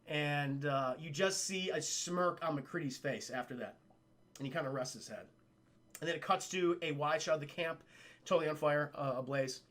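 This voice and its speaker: A man recapping a film for his stream chat in a casual, excitable and profane way, often speaking to the chat directly. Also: a little high. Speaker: livestream film reviewer.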